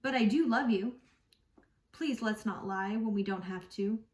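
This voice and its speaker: A woman's voice: mid-range voice, unhurried, reverberant, far from the mic, close to an everyday voice. A woman reading as a moody young woman in love. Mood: earnest. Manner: read aloud plainly from a novel.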